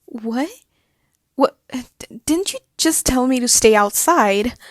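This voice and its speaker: A woman's voice: a little high, lively intonation, takes it slowly, no echo. A woman voicing a young woman alone at night who stammers and grows scared, in a creepy story reading. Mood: uneasy. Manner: stammering, rising and insistent.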